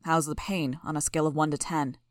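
A woman's voice: low voice, steady tone, brisk, no echo, clean studio sound, close to an everyday voice. A woman voicing a smug, blunt male street medic with a hard-to-place accent that stresses syllables hard, speaking in a clipped, matter-of-fact way. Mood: curt.

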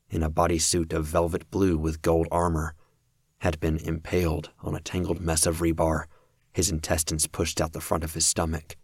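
A man reading a novel aloud as an audiobook narrator, with steady, even storytelling. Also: low-pitched, husky, no echo, studio quality.

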